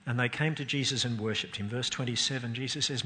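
A man's voice: mid-range voice, fast talker, pushed and bright. A man preaching a sermon, earnest and emphatic, his voice climbing and dropping to stress points. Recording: long hall reverb.

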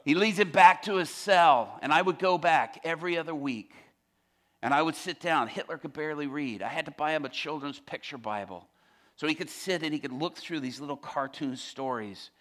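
A man preaching a testimony as dramatic storytelling, often dropping to a hush for emphasis. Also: a little high, a little fast.

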